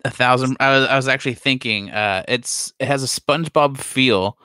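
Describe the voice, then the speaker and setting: A man hosting a casual reaction chat, animated and often stumbling over repeated words. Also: mid-range voice, normal speed, clear, resonant tone, dry recording, studio quality. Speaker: host.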